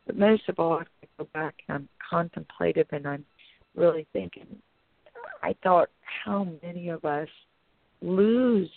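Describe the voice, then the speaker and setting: A woman pastor tells a story with earnest intensity, acting out her own thoughts along the way. Her voice has a gravelly edge. It comes through a thin, tinny phone line with no room sound. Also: on the low side, no room sound. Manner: earnest, dramatic retelling with quoted inner thoughts. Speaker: pastor and author guest. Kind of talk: emotional personal storytelling turning into preaching.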